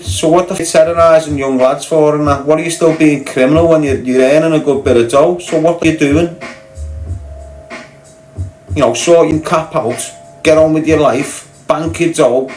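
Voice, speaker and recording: A man from Liverpool, England, with a Scouse accent, delivers a confrontational, mocking rant as a podcast guest, blunt and sweary throughout. His voice is a little high and darkish, and the audio quality is poor.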